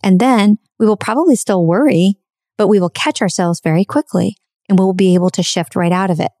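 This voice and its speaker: A woman's voice: mid-range voice, a little fast, warm tone, dry recording, clean studio sound. A middle-aged woman hosting a podcast, giving an earnest, reflective spiritual self-help talk and repeating phrases for emphasis. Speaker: podcast host.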